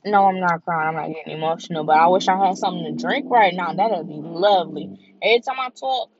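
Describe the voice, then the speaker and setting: Woman vlogger, low voice, candid heartfelt freestyle talk, dull lo-fi recording. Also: quick pace, crowd noise. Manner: candid, heartfelt, repetitive and conversational. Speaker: vlogger and podcaster. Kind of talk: casual freestyle monologue.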